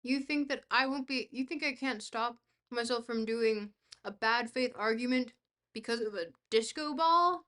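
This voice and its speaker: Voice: medium pitch, moderate pace, bright, forceful tone. A young adult streamer in casual chat, reading messages aloud and answering them in a dry, joking, rambling way.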